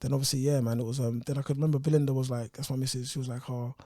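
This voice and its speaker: A man with a London accent, a podcast guest telling lively stories in casual slang. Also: mid-range voice, rapid-fire, dry recording, clean studio sound. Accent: London English. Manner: animated, acts out quoted voices, uses London slang. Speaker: podcast guest, youth business founder.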